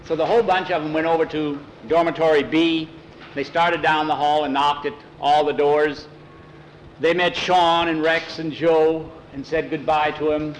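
A man's voice: fairly high pitch, level tone, unhurried, slight background noise, low-quality recording. Chatty man telling a story aloud. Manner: chatty, rambling, repeats "he said". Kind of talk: informal oral storytelling.

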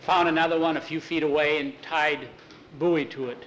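A man telling a spooky cemetery story out loud, with occasional restarts, slipping into voices for the characters. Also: steady tone, brisk, a little hiss or hum, low-quality recording. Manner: unscripted retelling with restarts, lifts pitch for scared boys. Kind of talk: spoken storytelling, voicing characters.

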